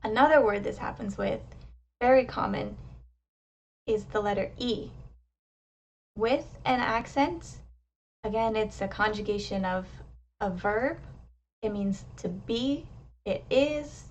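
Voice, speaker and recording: A woman teaching pronunciation, explaining step by step and modelling each word slowly and with emphasis. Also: mid-range voice, recorded from a distance, a little hiss or hum. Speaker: language teacher. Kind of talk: slow, careful pronunciation lesson.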